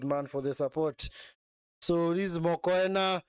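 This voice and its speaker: A man commentates a football match live for his stream, excitable and chatty, repeating phrases and often ending lines with "eh?" His slightly high voice is smooth and clear at a measured pace. The sound is close and dry, with no echo or room behind him.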